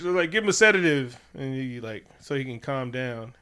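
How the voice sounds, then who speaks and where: A man's voice: medium pitch, animated, normal speed, bright, forceful tone, clear, resonant tone. A man co-hosting a casual movie review chat, profane and joking, acting out scenes in silly voices. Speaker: podcast co-host.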